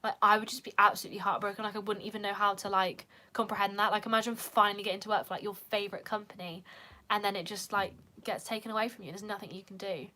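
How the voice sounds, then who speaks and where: A young British vlogger chats casually and rambles, saying "like" a lot. Her medium-pitched voice is steady and sharp, and she talks at a quick pace.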